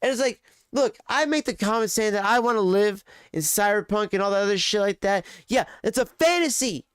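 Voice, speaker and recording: A man's voice: high voice, lively intonation, a little fast, clean tone, no echo, studio quality. A man streaming live, ranting in casual, profane, rambling chat.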